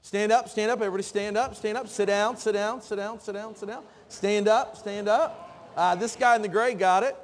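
High-voiced joking preacher. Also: male voice, fairly even intonation, moderate pace. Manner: joking, calls out to the congregation. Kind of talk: sermon. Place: church sanctuary. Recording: long reverb of a church hall.

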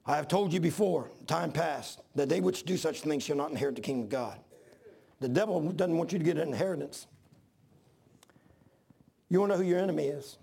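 Middle-aged male pastor, higher pitch with gravel and husk, storytelling sermon that climbs to shouts. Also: animated, a little fast, long pauses. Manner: storytelling preacher, repeats phrases, rises to shouts.

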